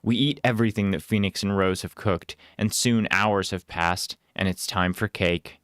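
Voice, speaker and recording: A man reading a storybook aloud in a plain, unhurried way with small casual asides. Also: lowish voice, steady tone, a bit bright, dry recording, studio quality.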